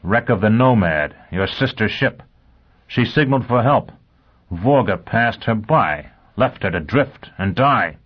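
A hard-driven spaceman barks short, clipped orders and grunts his answers, as a male audiobook reader voices him. His voice sits fairly low and the recording sounds dull and lo-fi. It has the feel of a plain audiobook character reading. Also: lively intonation, unhurried, husky. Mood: interrogating.

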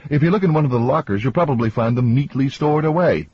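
A man's voice: mid-range voice, fast, slightly rough, muffled recording, voice pushed up, close to an everyday voice. A man doing Roman, a confident crewman.

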